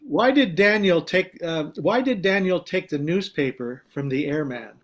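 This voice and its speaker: A man's voice: high voice, animated, moderate pace. A man reading out trivia questions as a guest quizmaster, easygoing and chuckling.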